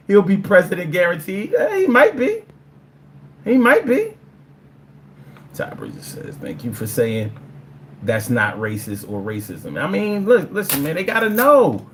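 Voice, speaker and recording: A man's voice: high-pitched, huge pitch swings, measured pace, fairly bright tone. A man hosting a livestream, reading out viewer comments and answering them bluntly with a lot of profanity. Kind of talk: casual livestream chat.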